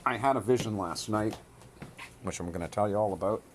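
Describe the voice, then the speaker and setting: A man's voice: lowish voice, fairly quick, slight background noise. A man in a rambling monologue to viewers, emphatic and checking in with "okay?" and "eh?". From Canada.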